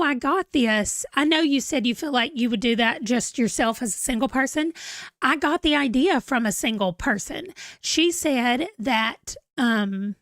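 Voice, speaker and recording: Book channel host, woman, 40s, high bright voice, dry sound, chatty and rambling, reads viewer comments aloud. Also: dry recording. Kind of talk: casual livestream chat.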